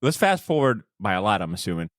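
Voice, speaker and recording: A man's voice: lowish voice, very animated, fast, dry recording, clean studio sound. A man co-hosting a podcast, asking questions in an easygoing, casual manner. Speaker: podcast co-host. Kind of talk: casual interview.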